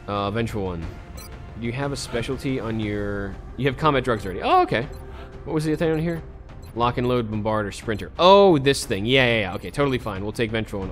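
A man recording casual gameplay commentary as a let's play host, talking to himself and breaking into frustrated outbursts. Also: fairly low pitch. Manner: talks to himself, swings into sudden frustrated outbursts.

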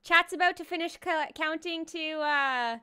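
A woman's voice: very high voice, measured pace, sharp tone. A woman streamer chatting casually with her live chat while playing a horror game. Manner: chatty, bubbly, talks to chat.

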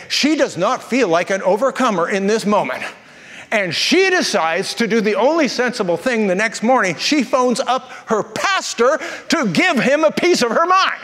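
A male pastor telling stories in a sermon, animated and jokey. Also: sits high. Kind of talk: humorous sermon storytelling. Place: church auditorium. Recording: reverberant church hall.

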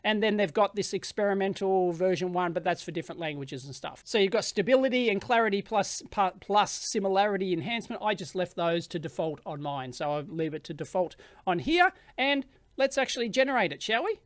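A man's voice: high-pitched, lively intonation, a little fast, no echo. A man with an Australian accent hosting an electronics video, talking casually and bluntly and laughing often. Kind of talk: casual commentary.

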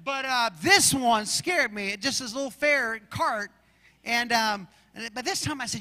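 A man from Arizona preaching a sermon as pastor, telling stories in an animated way and acting out shouts and roars. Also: very high-pitched, unhurried, in a large hall. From Arizona, USA.

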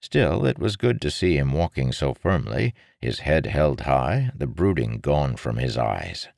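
A man with a very low, deep voice narrating a novel in a measured, even storytelling manner. The recording is dry and close, with no room sound. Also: vocal fry, dry recording. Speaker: audiobook narrator. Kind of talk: scripted narration.

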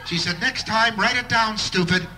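Wry stand-up comic man, lively and bright. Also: high-pitched, moderate pace, over music. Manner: wry observational delivery with mock outrage. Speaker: stand-up comedian. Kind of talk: live stand-up routine.

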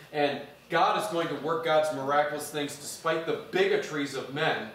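A male pastor delivers a sermon in a slightly higher-than-usual voice, leaning hard on key words and drawing them out. He is picked up from a distance, so the church around him rings with a heavy, lingering echo. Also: a bit bright, a little hiss or hum. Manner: emphatic, drawn-out stresses on key words.

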